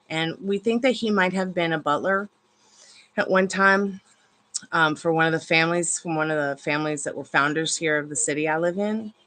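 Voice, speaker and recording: A woman's voice: sits low, a bit bright. A woman chatting casually on a live stream from her home, rambling between stories and cooing baby talk at her dogs. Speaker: tarot reader and live streamer.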